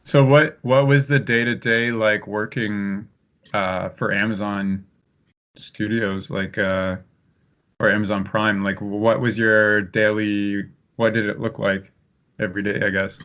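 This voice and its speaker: A man's voice: lowish voice, steady tone, unhurried, fairly bright tone, clean tone. A man hosting a podcast, asking loose, chatty questions in a casual interview. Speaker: podcast host. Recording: dull lo-fi sound.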